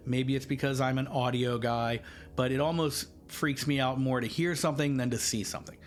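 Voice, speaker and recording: A man's voice: mid-range voice, fairly even intonation, brisk. A man hosting a podcast on his own, talking casually in a rambling, chatty way with self-deprecating asides. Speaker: podcast host. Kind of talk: casual solo podcast monologue.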